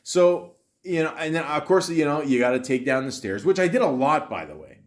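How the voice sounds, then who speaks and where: A man's voice: on the high side, big pitch swings, fairly quick. Profane rambling male podcast host. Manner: profane, rambling, jokey, many fillers and restarts. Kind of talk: casual storytelling monologue.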